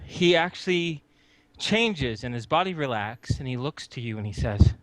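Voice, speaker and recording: A man narrating a tabletop game as game master, with deliberate, descriptive storytelling. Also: mid-range voice, animated, no room sound.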